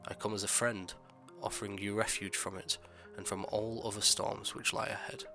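A smirking old gentleman with a gravelly, low edge, courteous on the surface and quietly menacing underneath, as a horror narrator puts him on. His words come bright and forceful, with faint music behind. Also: little pitch movement, moderate pace. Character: aged sinister gentleman, smirking, soft-spoken.

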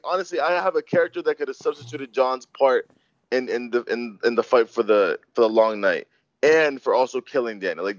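A man's voice: mid-range voice, no room sound. A man in a casual discussion, blunt and emphatic, hammering his point home. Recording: dull lo-fi dry recording.

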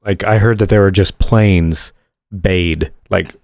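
A man's voice: deep voice, takes it slowly, darkish tone, no room sound. A man hosting a casual chat, asking curious follow-up questions.

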